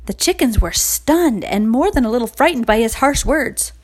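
A woman narrating a children's storybook aloud with expressive, lively storytelling. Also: a little high, normal speed, few pauses, rough recording.

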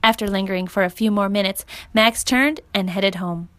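Woman narrator, mid-pitched, dry close sound, steady storybook read. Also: normal speed, no echo. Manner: steady, clear read-aloud delivery.

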